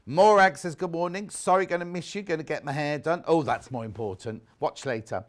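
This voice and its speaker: A man's voice: fairly high pitch, brisk. A man presenting a live TV shopping show, chatting casually and reading out viewer messages. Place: TV studio.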